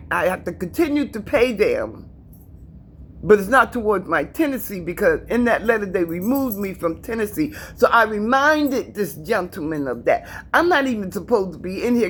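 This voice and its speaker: Husky, animated woman ranting. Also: medium pitch. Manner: emphatic, preachy, repeats herself. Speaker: vlogger. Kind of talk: emotional personal rant to viewers. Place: her own apartment.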